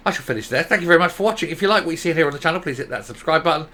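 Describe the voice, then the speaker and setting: A man's voice: a little high, lively intonation, rapid-fire, pushed and bright. A man doing an opinionated political commentary vlog, sarcastic and exasperated, with mocking asides.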